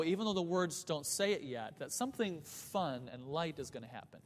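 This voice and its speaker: A man's voice: fairly high pitch, animated, normal speed, few pauses, in a large hall. A man teaching a class on church music, earnest, often repeating himself and chanting rhythms aloud. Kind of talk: classroom lecture.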